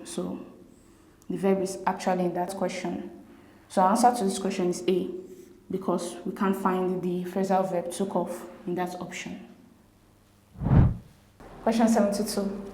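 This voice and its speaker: A woman explaining exam answers as a tutor, reading each option in a measured, methodical way. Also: medium pitch, darkish tone. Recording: roomy echo with faint hiss.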